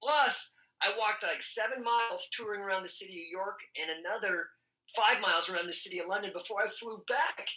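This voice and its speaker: A man's voice: high voice, fairly quick. A middle-aged man telling a story in casual talk, swearing constantly and laughing as he goes. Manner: profane, animated, laughs often. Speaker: podcast guest. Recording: roomy echo.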